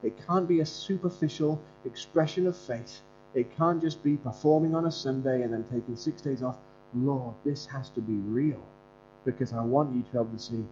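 A man preaching in a conversational, earnest storytelling way, with some fillers and restarts. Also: medium pitch. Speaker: pastor and Bible school leader. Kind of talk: conversational sermon. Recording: dull lo-fi recording with mains hum.

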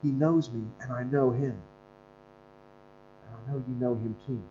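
A man preaching an earnest, conversational sermon, telling stories with the odd filler and restart. His voice sits at an ordinary pitch for a man. The recording is dull and lo-fi, with a clear mains hum running behind him. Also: fairly even intonation, unhurried, dark tone. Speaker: pastor and Bible school leader.

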